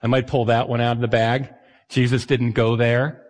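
A man's voice: mid-range voice, level tone, normal speed, darkish tone, in a large hall. A male pastor giving a casual, humorous sermon and sometimes acting out the voices of the people he quotes. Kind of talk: conversational sermon.

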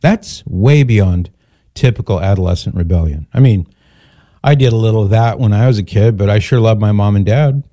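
Older man, radio host, mellow low voice, dry close sound, emphatic lecturing. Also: normal speed, no room sound. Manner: emphatic, lecturing, quotes others in mock voices. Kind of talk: call-in radio talk.

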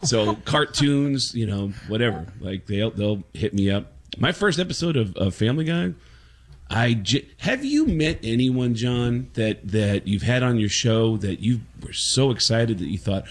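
A comedian man telling animated stories as a guest in a casual interview. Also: mid-range voice, unhurried. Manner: animated, lively storyteller.

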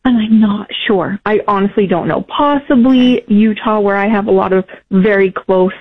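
A woman's voice: mid-range voice, slightly rough. Emotional woman on a tinny phone line. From Texas. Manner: emotional, halting, with many restarts. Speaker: caller. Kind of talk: call-in advice show.

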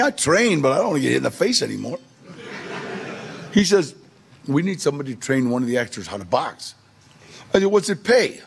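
Gravelly man telling a street-worn story. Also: a little high, a little hiss or hum. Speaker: storyteller guest. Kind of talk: personal recovery story told casually.

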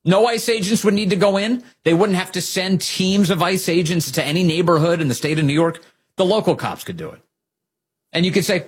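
A man hosting a political talk show, delivering sarcastic, animated commentary. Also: high-pitched, a little fast, breathy edge. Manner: animated, sarcastic, mimics opponents.

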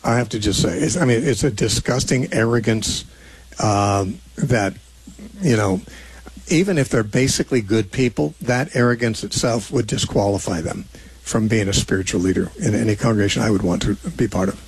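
Male radio host, husky, dry studio sound, thinks aloud earnestly while explaining Scripture to callers. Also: fairly low pitch, normal speed, dry recording, poor audio. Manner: earnest, reasoning aloud with restarts. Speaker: radio call-in show host. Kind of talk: call-in radio Bible teaching.

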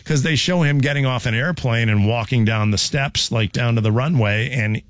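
A man's voice: medium pitch, moderate pace, no room sound. Male morning radio host, casual and playful, close dry studio mic. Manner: chatty, playful, self-mocking.

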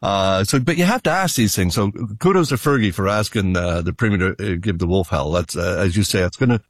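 A man, a panel guest telling stories in an animated, casual way. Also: low voice, brisk, no room sound, studio quality. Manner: animated storytelling.

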